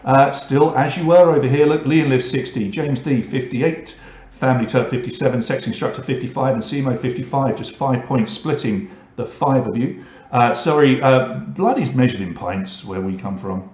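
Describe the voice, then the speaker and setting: British male quiz host, mid-pitched, easygoing and chatty, runs through questions and standings with offhand jokes; roomy echo on the mic. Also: expressive, moderate pace. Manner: chatty, reads questions and scores with asides. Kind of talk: online pub quiz hosting.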